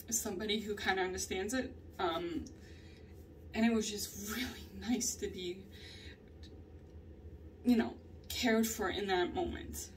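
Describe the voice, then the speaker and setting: A woman's voice: medium pitch, distant mic, a little hiss or hum. Candid rambling woman vlogger. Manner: candid, rambling, laughs often. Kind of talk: personal journal vlog.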